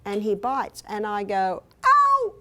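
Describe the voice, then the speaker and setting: Her voice on the high side with lively intonation, an older woman speaks unhurriedly at a health seminar in a hotel meeting room. She tells personal anecdotes and acts out people's quoted speech.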